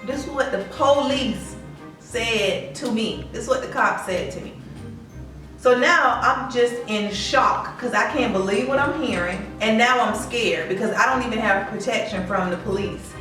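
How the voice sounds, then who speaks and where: A woman's voice: a little high, normal speed, distant mic, over music. A woman telling a personal story in a casual storytime vlog, acting out what people said. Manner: animated, acts out quoted lines. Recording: echoey room, away from the mic.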